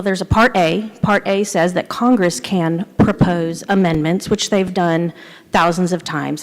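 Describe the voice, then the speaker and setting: A woman delegate giving testimony to a committee at a hearing. She talks in a steady, explanatory way, like a civics lesson. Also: lowish voice. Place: large convention hall. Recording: echoey large convention hall.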